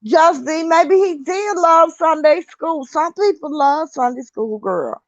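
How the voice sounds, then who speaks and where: Her voice sits high with lively intonation, and she takes it slow while hosting a laid-back online talk show. The older woman reads viewer comments, laughs a little and swears mildly, though the audio is dull with no echo.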